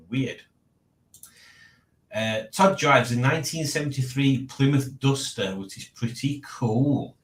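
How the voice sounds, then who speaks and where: Streaming casually from home, a man with a mid-range voice rambles while reading viewers' chat messages aloud, his voice reverberating indoors.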